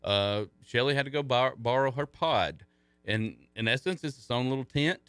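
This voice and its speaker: A man's voice: mid-range voice, expressive, moderate pace, a bit bright, smooth, no room sound. Chatty, self-mocking middle-aged male co-host. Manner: jokey banter. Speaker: co-host of a youth sports radio show. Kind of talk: casual radio chat.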